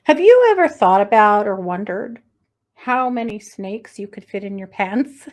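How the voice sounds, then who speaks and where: A woman's voice: mid-range voice, expressive, a little slow. A woman co-hosting a casual true crime podcast, telling odd news in a playful way with many small fillers and giggles. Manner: playful storyteller, lots of uh and mm-hmm, giggles through odd news. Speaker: podcast co-host.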